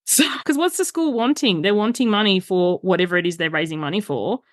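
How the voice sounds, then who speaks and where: A middle-aged woman, a coach who is a guest on a podcast, chatting casually and telling lively stories, acting out quoted voices along the way. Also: medium pitch, a little fast, hardly any pauses, dry recording, studio quality. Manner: animated storyteller, acts out quoted voices.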